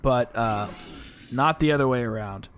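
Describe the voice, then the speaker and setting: Medium-pitched at a moderate pace, with a little hiss or hum in the audio, a young American gaming podcast host talks casually while he plays. He's rambling and chatty, with frequent laughter.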